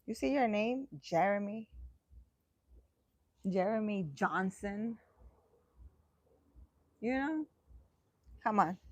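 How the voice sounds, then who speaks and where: A woman's voice: medium pitch, animated, slow pace, pauses often, no room sound. A woman hosting a casual livestream, chatting with viewers in a playful, teasing way. She speaks emphatically and laughs often. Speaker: livestream host answering viewers.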